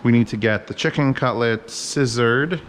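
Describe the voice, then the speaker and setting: A man's voice: medium pitch, moderate pace, a little hiss or hum. Joking, swearing man cooking at home. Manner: joking, profane, rambling commentary. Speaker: home cook host. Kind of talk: casual cooking vlog. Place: home kitchen.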